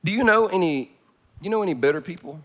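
Joking pastor with a slightly high voice. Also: male voice, lively intonation, fast talker. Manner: conversational and joking, with sudden swings from loud to hushed. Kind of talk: sermon. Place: church, preaching to a congregation.

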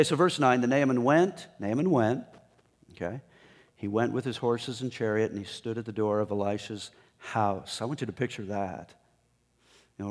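A man giving a conversational sermon on a Bible passage, acting out the characters with sudden jumps in pitch and volume. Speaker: preacher. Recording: echoey hall with long reverb.

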